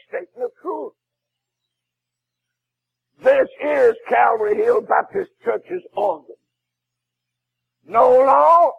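A man preaching a fiery sermon as a Baptist preacher, shouting with a crying preaching cadence. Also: very high-pitched, gravelly, husky, narrow, tinny audio.

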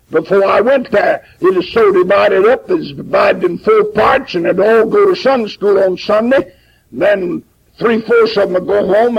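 Gravelly high-voiced preacher. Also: male voice, highs cut off. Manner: folksy, plain-spoken, emphatic. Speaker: pastor. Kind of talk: sermon storytelling.

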